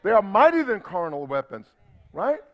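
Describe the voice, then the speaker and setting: A man's voice: high-pitched, very animated, moderate pace. A man pastor preaching a sermon, asking the congregation for responses as he explains scripture. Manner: preaching with call-and-response asides. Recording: dull lo-fi sermon audio.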